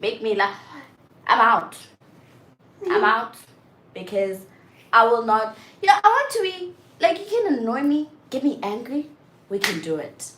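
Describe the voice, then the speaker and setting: A young woman chatting candidly and frankly, often getting loud and exasperated as she makes her point. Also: on the high side, very animated, measured pace, long pauses. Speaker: vlogger. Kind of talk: candid casual chat. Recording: roomy echo with faint background noise.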